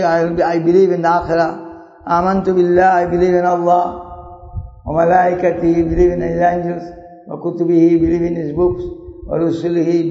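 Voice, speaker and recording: A man's voice: sits high, vocal fry, darkish tone. A man giving a sermon. He asks his listeners questions and recites verses in Arabic. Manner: explains by asking the audience questions, recites Quran verses in Arabic. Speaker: Islamic preacher. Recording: dull echoey hall.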